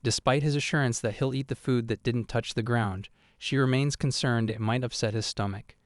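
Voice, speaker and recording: A man narrates a story at a steady, even pace, in a voice of ordinary middle pitch. The sound is dry and close, with no room around it. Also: normal speed, dry recording.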